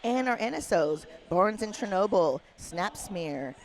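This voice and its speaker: A woman's voice: medium pitch, animated, unhurried. Female co-commentator, chatty and friendly, arena booth. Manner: chatty, friendly, reads names carefully. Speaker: roller derby commentator. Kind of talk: live sports commentary.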